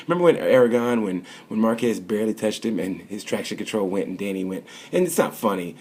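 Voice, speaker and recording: A man's voice: fairly low pitch, expressive, fast, hardly any pauses, a little mellow, slight background noise. A man casually reviewing a motorcycle race in a rambling, chatty way. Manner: rambling, chatty, full of fillers and restarts. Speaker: motorsport vlogger.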